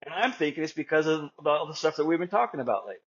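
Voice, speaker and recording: A man's voice: fairly high pitch, animated, rapid-fire, husky, lo-fi sound. A man co-hosting a podcast, telling a story in a rambling, self-deprecating way. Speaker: podcast co-host. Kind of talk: candid podcast conversation.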